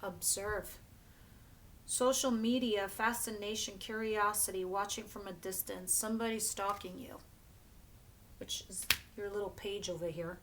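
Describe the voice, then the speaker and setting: A woman's voice: mid-range voice, steady tone, measured pace, a bit bright, a little hiss or hum. Chatty woman giving a blunt tarot reading. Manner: chatty and blunt, with filler words and self-corrections. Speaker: tarot reader. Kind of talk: casual tarot reading to camera.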